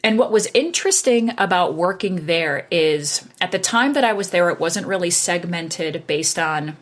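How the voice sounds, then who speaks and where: A woman, a podcast guest, telling workplace stories in a lively, animated way and acting out both sides of old phone calls. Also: lowish voice, moderate pace. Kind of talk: casual conversation.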